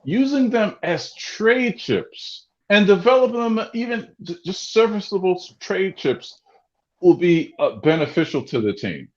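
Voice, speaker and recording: Guy ranting about hoops on a podcast, kinda high voice, muffled lo-fi sound. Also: expressive, measured pace. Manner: loud, ranting, repeats words. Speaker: podcast co-host. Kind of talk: heated sports debate.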